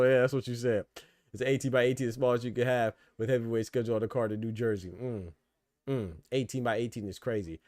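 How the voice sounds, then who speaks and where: A man's voice: mid-range voice, fast talker, a little mellow, dry recording, clean studio sound. Slangy male boxing podcast host. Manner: loose slangy talk, laughs hard at jokes. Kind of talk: casual live commentary.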